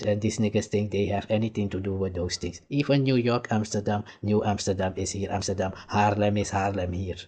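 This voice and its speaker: A man's voice: lowish voice, dark tone. Heated Surinamese man lecturing in commentary. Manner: heated, lecturing, repeats "you see" and "nigga". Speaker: commentator reacting to archive clips. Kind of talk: casual reaction commentary.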